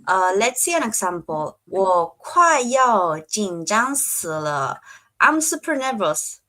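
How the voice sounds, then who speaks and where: A woman's voice: mid-range voice, sing-song, slow pace, pushed and bright, rough recording. A woman co-hosting a Chinese grammar lesson, explaining carefully and giving examples. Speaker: Chinese teacher.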